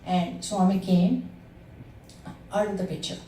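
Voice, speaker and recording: In the meeting hall of a spiritual center, a woman in her sixties from India, whose first language is Telugu, shares a halting, earnest devotional story with the gathering. Her medium-pitched, level voice is warm and dark, recorded off-mic with roomy echo and a faint hiss.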